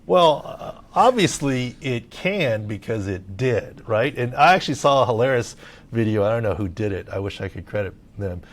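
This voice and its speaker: A middle-aged man from Southern California, talking casually as a sports medicine analyst on a podcast, animated and full of filler words. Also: mid-range voice, moderate pace.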